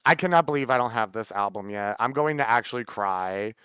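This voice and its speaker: A man chatting on a live stream, excitable, swearing and repeating words in quick runs. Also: lowish voice, smooth, no room sound. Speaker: variety streamer. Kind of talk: casual live stream chat. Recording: dull lo-fi stream audio.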